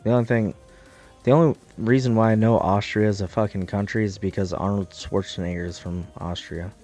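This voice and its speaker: A young American man streaming, chatting casually in a profane, rambling, animated way. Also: lowish voice, a little fast, soft background music. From United States. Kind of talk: casual chat while gaming.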